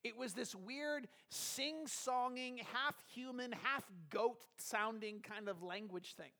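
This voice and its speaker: A man with a notably high voice for his sex preaches to his congregation. He talks conversationally and keeps posing rhetorical questions as he walks through a scripture passage. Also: takes it slowly, gravelly, bright, forceful tone. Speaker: pastor. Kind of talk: sermon.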